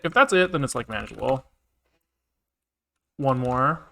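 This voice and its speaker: A man's voice: mid-range voice, expressive, unhurried, vocal fry, pushed and bright. A man live-streaming his programming, thinking aloud and muttering to himself with casual swearing, keyboard clicks behind him. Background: keyboard typing and clicking.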